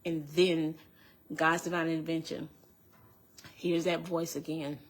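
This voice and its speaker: A middle-aged woman telling an emotional personal testimony in an earnest, halting way, repeating phrases as she goes. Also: low voice, level tone. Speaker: speaker giving a personal testimony.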